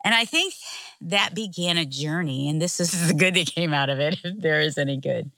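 A middle-aged woman tells a story in a casual chat, her voice bright and lively while sitting slightly low in pitch. She laughs often as she talks. The recording is dry and close. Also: moderate pace, gravelly, dry recording. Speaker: co-host.

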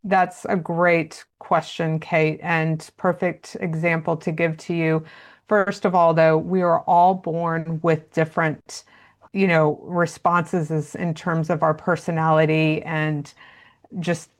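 A woman's voice: sits low, little pitch movement, takes it slowly. A woman answering interview questions as a parenting expert, explaining at length with frequent fillers.

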